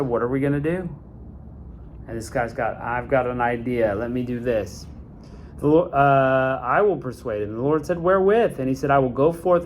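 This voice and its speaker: A man reading scripture aloud and adding relaxed, chatty comments of his own. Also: medium pitch, slight background noise. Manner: reads scripture slowly, then adds chatty asides. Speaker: Bible reader and commentator. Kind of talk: Bible reading with casual commentary.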